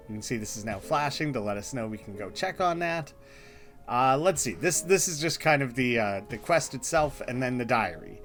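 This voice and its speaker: A man's voice: medium pitch, animated, normal speed, fairly bright tone. Rambling man with guitar music behind. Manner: rambling, self-correcting, laughs often. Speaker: let's play host. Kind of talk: casual gameplay commentary.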